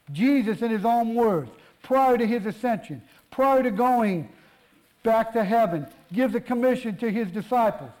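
A man's voice: very high voice, darkish tone, poor audio. A man preaching a sermon, pressing his point with rhetorical questions and emphatic repetition.

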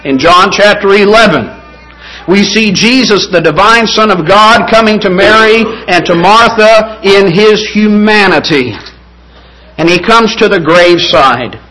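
High, bright-voiced preacher man. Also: a little slow, rough recording. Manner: earnest, rising to fervent emphasis. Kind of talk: sermon.

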